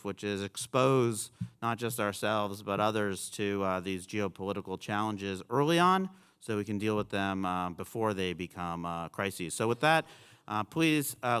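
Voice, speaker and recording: A man's voice: lowish voice, normal speed, a bit bright, smooth. A man introducing a keynote speaker on stage, hesitant, with many ums and uhs. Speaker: event host introducing the speaker.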